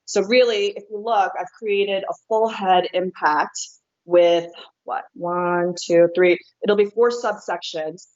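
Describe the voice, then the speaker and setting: An American woman explains her hair-painting technique step by step, steady and methodical, with a slight Northeastern tinge to her accent. She sounds like a colorist teaching during a livestream, and her audio comes through dull and lo-fi. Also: medium pitch, takes it slowly. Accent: American, sometimes Northeastern. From born in Korea, raised in New Jersey. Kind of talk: live hair-painting demonstration.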